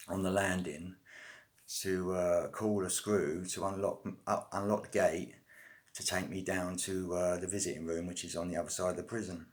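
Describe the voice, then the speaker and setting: A middle-aged man telling a rambling story from his past, casual and full of slang and fillers. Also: deep voice. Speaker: vlogger telling prison stories.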